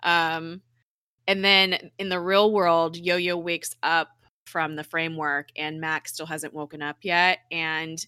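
A woman's voice: sits low, takes it slowly, clear, resonant tone, no echo, clean studio sound. A woman co-hosting a casual podcast, recapping a TV episode with lots of laughs and emotion. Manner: animated, laughing, tearful recapping. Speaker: podcast co-host.

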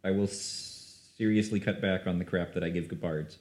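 Low-voiced male player with wry quips. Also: fairly even intonation, normal speed, a little mellow. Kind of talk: casual tabletop game play.

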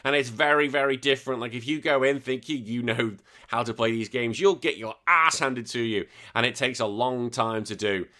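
A man's voice: mid-range voice, normal speed, sharp tone. A man hosting a retro gaming podcast, chatting casually and joking with plenty of swearing as he reads out listener comments. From United Kingdom. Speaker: podcast host.

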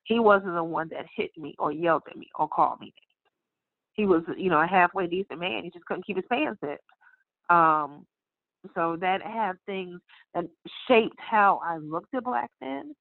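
A woman speaking as a podcast guest in a frank, blunt and wry way, now and then clearing her throat. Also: fairly low pitch, moderate pace, no room sound. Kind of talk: candid conversation. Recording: tinny phone-line audio.

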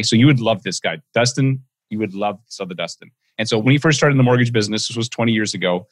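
A man's voice: medium pitch, dry recording. A man hosting a casual podcast, chatty and telling anecdotes with quoted dialogue. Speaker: podcast host.

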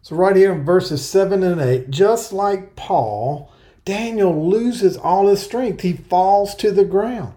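A man preaching an earnest verse-by-verse sermon, explaining scripture and reading passages aloud slowly. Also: high voice, mellow. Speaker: pastor. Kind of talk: Bible-teaching sermon.

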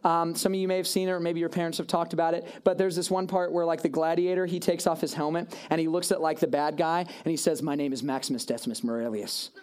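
A young man giving a casual, animated sermon to a youth group, with self-deprecating asides. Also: on the high side, quick pace, hardly any pauses, smooth. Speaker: youth pastor. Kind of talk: animated sermon retelling a story.

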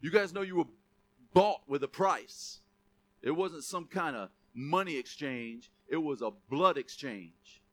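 A man's voice: a little high, expressive, a little slow. A man preaching a sermon, conversational and then emphatic, calling on the church to repeat key words. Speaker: pastor.

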